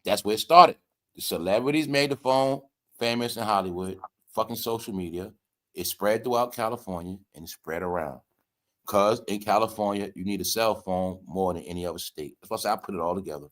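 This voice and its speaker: A man's voice: fairly low pitch, fairly quick. A man hosting a podcast, talking in a casual, profane and emphatic way and repeating his points. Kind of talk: casual chat.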